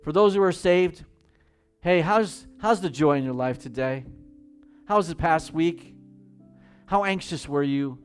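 A man preaching a sermon as pastor in a church, swinging between loud pleading and hushed prayer. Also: on the high side, unhurried, soft background music.

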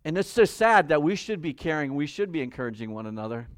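A man preaching a sermon, emphatic and rising loud when he reads scripture. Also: medium pitch, animated, brisk, dry recording, clean studio sound. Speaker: pastor.

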